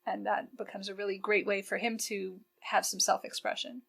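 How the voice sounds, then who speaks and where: A woman hosting a podcast interview, explaining things in a warm way for listeners. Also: medium pitch, flat delivery, moderate pace, gravelly, husky. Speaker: podcast host.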